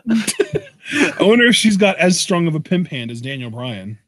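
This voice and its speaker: A man's voice: high voice, huge pitch swings, a little slow, a bit bright, no room sound. A man co-hosting a live wrestling reaction show in casual chat, easygoing, laughing often and explaining things.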